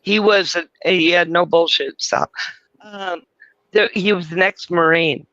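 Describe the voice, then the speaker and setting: A man's voice: high-pitched, unhurried, pushed and bright, dry recording, muffled recording. A man from California, hosting a live stream and telling rambling stories in casual banter, swearing freely. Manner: chatty storyteller, swears freely.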